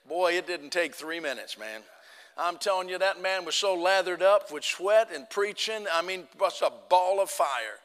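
A man preaching, telling a story with lively quoted voices and loud outbursts. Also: high voice, normal speed, clear, resonant tone, long reverb tail. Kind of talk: sermon storytelling.

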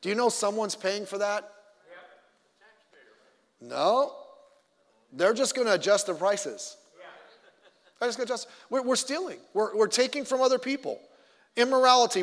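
A middle-aged man preaching a sermon, telling stories animatedly with stammered restarts and acted-out voices. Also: sits high. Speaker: pastor. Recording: long hall reverb.

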